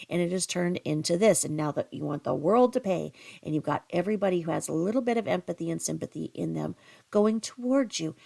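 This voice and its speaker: A woman's voice: fairly low pitch, creaky, a little mellow. A woman hosting a commentary channel, ranting bluntly and profanely about another online creator. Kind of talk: angry commentary.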